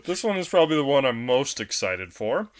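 A man's voice: medium pitch, big pitch swings, brisk, dry recording. A man co-hosting a podcast, chatting casually, often laughing, self-deprecating and swearing. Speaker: podcast co-host.

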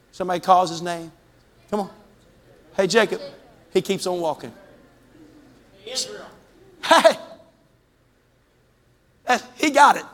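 A man preaching a fervent Pentecostal sermon in a church, calling out to the congregation and rising to shouts. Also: high-pitched. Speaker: pastor. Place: church sanctuary.

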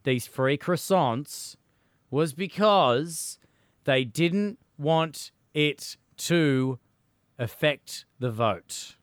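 A man's voice: on the high side, lively intonation, very slow, dry recording, clean studio sound. A man co-hosting a comedy podcast, chatting casually and jokingly, laughing often and slipping into mock voices. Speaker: podcast co-host.

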